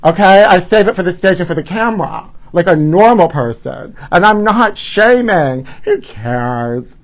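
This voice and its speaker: A man's voice: sits high, expressive, a little slow. A man hosting a live gossip show, campy and dramatic, who keeps calling his viewers honey. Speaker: host.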